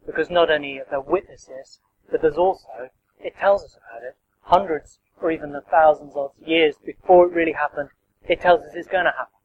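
A man with a high voice preaches in a relaxed, conversational way and keeps turning questions to his listeners. The sound is dull and lo-fi. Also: fairly quick. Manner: conversational, quizzing the congregation. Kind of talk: interactive sermon.

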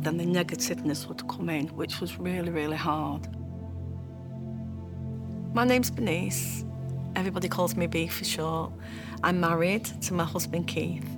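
A woman giving an emotional personal testimony, halting and tearful at times. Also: lowish voice, steady tone, loud music behind the voice. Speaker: interviewee sharing her story.

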